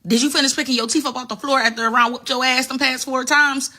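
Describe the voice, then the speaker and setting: A woman hosting a show, telling a story in casual, profane, animated commentary. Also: sits high, fast. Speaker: show host.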